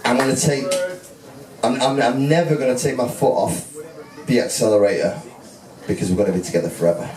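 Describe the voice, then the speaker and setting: A man's voice: mid-range voice, a little fast, long pauses, heavy background noise. A man giving a joking, self-mocking groom's speech at a wedding reception. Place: wedding reception hall with guests. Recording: echoey hall, heard from a distance, with a crowd.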